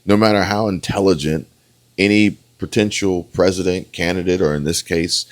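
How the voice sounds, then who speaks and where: A man with an extremely deep, low voice delivers political reaction commentary. He is emphatic and insistent, hammering the same points again and again and calling his viewers folks and guys. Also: steady tone, moderate pace.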